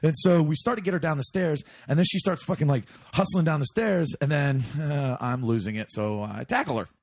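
A man's voice: fairly high pitch, expressive, a little fast, breathy edge. A man telling a long comedic story in casual chat, rambling with fillers, restarts and swearing. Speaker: storyteller guest.

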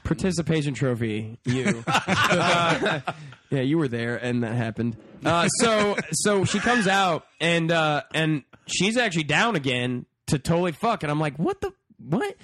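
A man's voice: fairly high pitch, lively intonation, a little slow, fairly bright tone, no room sound, studio quality. Young man telling a crude story. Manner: rambling, swears a lot, laughs while telling.

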